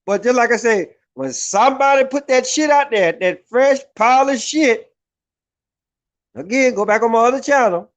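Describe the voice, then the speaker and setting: A man's voice: very high voice, expressive, moderate pace, muffled recording. A man vlogging a heated, profane opinion rant, repeating himself and asking "right?" to the viewers.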